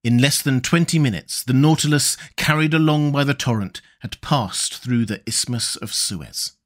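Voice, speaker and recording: In this scripted narration, an audiobook reader with a medium-pitched male voice works through a classic adventure novel. He stays measured and steady throughout.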